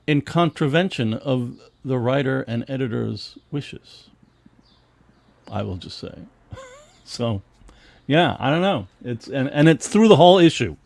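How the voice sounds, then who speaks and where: A man's voice: mid-range voice, expressive, unhurried, creaky, a little mellow, dry recording. A middle-aged man co-hosting a casual livestream about comic art, rambling with many restarts and laughing often. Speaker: co-host of a comics history show.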